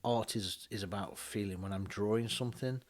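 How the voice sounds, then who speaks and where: Man, fairly low voice, tattoo artist, lively chatty storyteller who acts out the dialogue. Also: brisk. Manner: animated, acts out quoted dialogue, frequent restarts. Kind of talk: casual storytelling chat. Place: podcast recorded on a bus.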